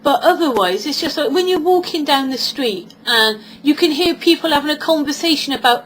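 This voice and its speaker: A woman's voice: high voice, animated, a little fast, few pauses, a bit bright, a little hiss or hum, rough recording. Chatty British woman in her forties. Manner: chatty and rambling, acts out quoted voices. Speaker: vlogger. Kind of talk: casual monologue vlog.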